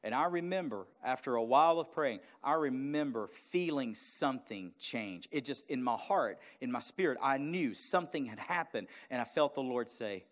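A male pastor preaching a sermon, moving from a quiet personal story into loud, fervent exhortation to the congregation. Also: medium pitch, normal speed, few pauses. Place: church sanctuary.

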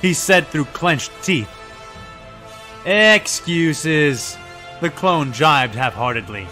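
A man narrating a fan audio drama in a measured storytelling manner. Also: mid-range voice, animated, pushed and bright. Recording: faint background music. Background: faint music.

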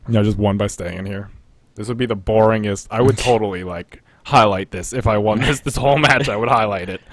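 A man's voice: on the low side, a little fast, no room sound. A young man chatting casually while streaming a game, rambling and laughing often. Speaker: streamer playing a battle royale game. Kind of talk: casual live-stream commentary.

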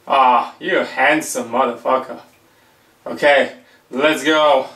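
A man's voice: mid-range voice, slow pace, pauses often, bright, forceful tone, roomy sound. A man acting out a comedy sketch, talking to himself in a theatrical, exclaiming way with swearing.

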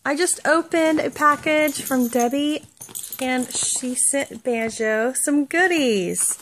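Woman, casual vlog, gushing, baby talk, slow unhurried delivery, slightly high voice. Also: a little hiss or hum. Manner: gushing, excitable, baby-talking to her pets. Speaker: vlogger.

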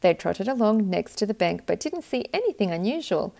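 Woman, children's story read-aloud, expressive narration, gravelly, mid pitch. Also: a little fast. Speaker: children's book reader.

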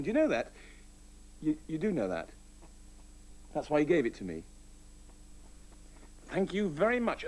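A man presenting a children's puppet comedy, talking fussily and with mock exasperation to puppets. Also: high-pitched. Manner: fussy, exasperated, talks to puppets. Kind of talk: comic puppet-show presenting.

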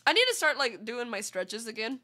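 A woman's voice: fairly high pitch, expressive, a little fast, pushed and bright. A woman streaming live in casual chat, sick and congested with a nasal, duck-like voice, bubbly and giggly and swearing freely.

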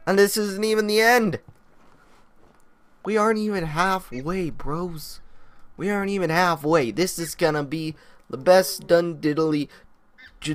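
A young man records let's-play commentary, excitable and chatty, talking to the creatures on screen. His voice sits a little high and swings widely in pitch. The sound is dry and close, with no room in it. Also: no echo. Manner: excitable, talks to the game animals. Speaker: gaming youtuber.

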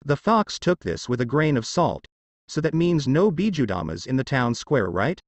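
A lazy, wry male fox, as a man puts him on drawls his questions in a storybook telling. The recording is dry and close, and the pitch moves freely. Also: big pitch swings, normal speed, no room sound.

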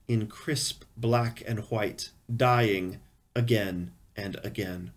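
A man reading first-person crime fiction aloud in a measured, grave storytelling manner. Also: medium pitch, a bit bright. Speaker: reader.

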